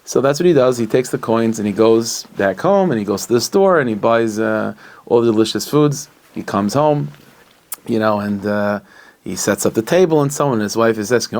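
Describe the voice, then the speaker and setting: A male rabbi telling a story with a lowish voice. He talks in a lively, chatty way and often restarts his phrases as he goes. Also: normal speed. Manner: animated and conversational, with frequent restarts.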